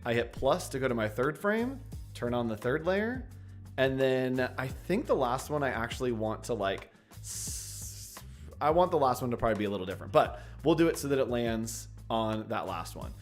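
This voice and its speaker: A man's voice: medium pitch, lively intonation, normal speed. A man co-hosting a live design stream, casually explaining each step as he works, with faint music behind. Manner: upbeat, explains steps while working. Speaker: co-host and designer.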